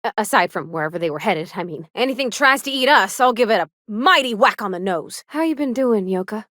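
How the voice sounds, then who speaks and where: A woman's voice: medium pitch, expressive, a little fast, fairly bright tone, dry recording, clean studio sound, close to an everyday voice. An actress playing a sweet, earnest young woman ship engineer who talks in a folksy, homespun drawl, shy and kindly. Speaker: game companion character. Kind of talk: video game voice acting.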